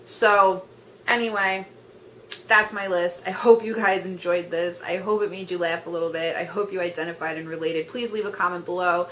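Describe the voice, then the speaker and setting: A woman's voice: on the low side, steady tone, moderate pace, fairly bright tone, slight background noise, poor audio. A young woman vlogging a blunt, profane rant, talking in an exasperated way and filling her sentences with "like". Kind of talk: ranting vlog monologue.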